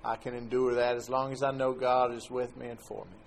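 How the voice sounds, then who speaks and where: A middle-aged man recounts a personal faith experience in a relaxed, conversational way. His voice sits at an ordinary pitch and often lifts high when he acts out the people in his story. He laughs now and then as he talks. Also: brisk, vocal fry, a little hiss or hum. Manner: animated storyteller who laughs as he tells it. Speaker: guest telling a faith testimony. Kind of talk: casual spoken testimony.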